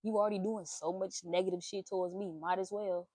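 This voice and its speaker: Animated, blunt woman with a mellow voice. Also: mid-range voice, fairly quick, dry recording. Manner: animated, swearing, playful exclamations. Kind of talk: casual spiritual reading monologue.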